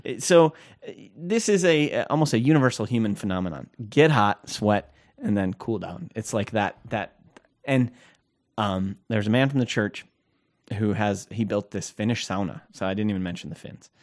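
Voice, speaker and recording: This podcast co-host is a thirtysomething man with Scandinavian roots and a lowish, expressive voice at a moderate pace. His casual banter wanders and chats along, packed with filler words and easy laughter.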